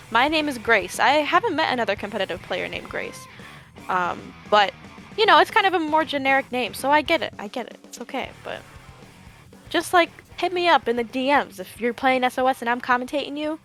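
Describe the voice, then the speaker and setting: A woman's voice: high-pitched, animated, a little fast, a bit bright, soft background music. A young woman commentating a live esports tournament, joking in playful mock outrage and wandering off on tangents.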